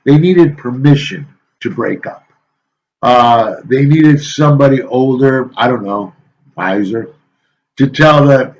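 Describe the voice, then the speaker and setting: Heard through lo-fi sound, a mid-range male voice delivers an informal, homespun lecture to students. The teacher rambles slightly, with plenty of pauses and fillers.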